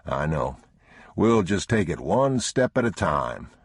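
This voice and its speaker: A man voicing a weary, protective father who reassures his son in quiet, terse phrases. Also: sits low, very animated, slow pace, breathy edge, dry recording, clean studio sound, heavily acted. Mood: reassuring.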